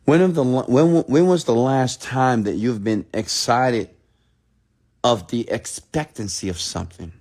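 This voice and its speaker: In a mid-range voice at a measured pace, the mentor addresses his livestream audience directly late at night. He repeats himself, moving between loud pleading and quiet, intimate murmurs.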